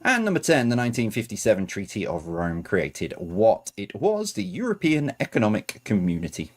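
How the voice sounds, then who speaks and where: A man's voice: lowish voice, huge pitch swings, moderate pace. A man reading out quiz answers as host, adding chatty, self-correcting asides.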